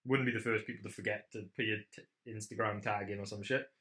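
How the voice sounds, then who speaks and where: A man's voice: fairly low pitch, steady tone, quick pace, sharp tone. A young man co-hosting a casual podcast from home, chatting in sweary, joking banter. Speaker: podcast co-host. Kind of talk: casual chat.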